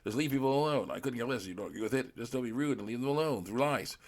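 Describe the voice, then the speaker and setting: A man's voice: medium pitch, quick pace. A man hosting his own channel, reading viewer comments aloud and answering them in a rambling way, with many "mm" fillers and short laughs.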